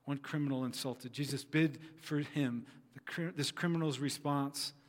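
A man's voice: medium pitch, fairly even intonation, moderate pace, long reverb tail. A man preaching a sermon who acts out quoted speech and repeats his phrases for emphasis. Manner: voices quoted figures dramatically, repeats phrases.

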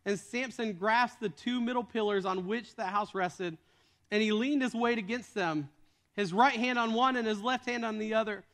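A man's voice: high-pitched, moderate pace, fairly bright tone. A man preaching a sermon as a retold story, casual in tone with joking asides.

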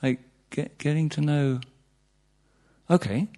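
A man with a gravelly, middle-pitched voice gives an informal spiritual talk. He rambles through it with humor and many asides, and his voice leaps upward when he stresses a point. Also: animated, a little slow, darkish tone. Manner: chatty and humorous, many asides and "you know"s. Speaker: meditation teacher.

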